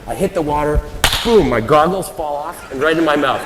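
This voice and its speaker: A man from the United States giving a conference talk, telling a story with lively energy and acting out what people said. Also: on the high side, fairly quick, noisy background. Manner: animated storyteller, acts out quoted lines. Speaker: conference speaker. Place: large hall. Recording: roomy hall with long reverb.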